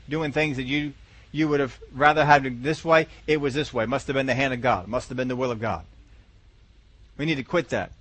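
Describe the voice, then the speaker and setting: High-voiced emphatic male preacher. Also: a bit bright, no room sound. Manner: emphatic, repeats phrases, acts out quoted doubters. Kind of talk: sermon.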